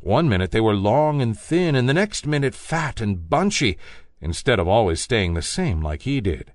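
A man reading a children's story aloud in a gentle, expressive storytelling manner. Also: medium pitch, moderate pace, no room sound, clean studio sound.

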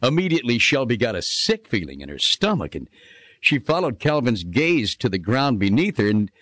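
Expressive man reading a children's story. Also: fairly low pitch, dry recording. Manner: expressive, sing-song storytelling. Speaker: narrator.

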